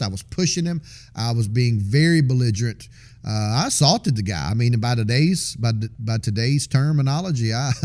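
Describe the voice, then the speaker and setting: Earnest man telling a church testimony. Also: medium pitch. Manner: earnest, conversational, repeats himself with frequent restarts and small laughs. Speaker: testimony speaker. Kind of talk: personal testimony storytelling.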